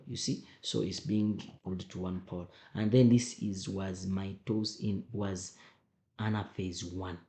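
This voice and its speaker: A teacher with a low-pitched, mellow voice leads an exam revision lesson, working through questions emphatically and often repeating them back to the class. The recording has a roomy echo.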